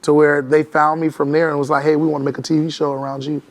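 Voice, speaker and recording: An enthusiastic man from Florida chats as a podcast guest, often cheering "come on." His voice sits a bit high and carries a gravelly fry. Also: little pitch movement, fast. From Orlando, Florida. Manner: enthusiastic, says "come on" a lot. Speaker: guest, travel creator. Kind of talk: casual interview chat.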